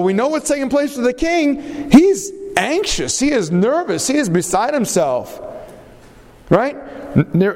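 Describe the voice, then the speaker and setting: A man preaching a sermon, telling a story dramatically, with sudden swings in pitch and pace. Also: darkish tone, big-room sound. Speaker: pastor.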